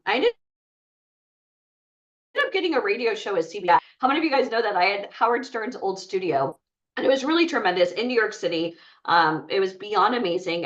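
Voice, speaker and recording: A woman giving a blunt, chatty motivational talk to an audience, often asking the room questions. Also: medium pitch. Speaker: bootcamp speaker. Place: event room. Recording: muffled sound from far off.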